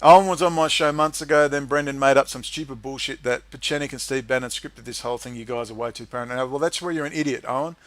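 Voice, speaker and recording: A man's voice: mid-range voice, fast talker, few pauses, a bit bright, no room sound. A man hosting his own online show, delivering an angry, profane, rambling monologue. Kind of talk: ranting monologue.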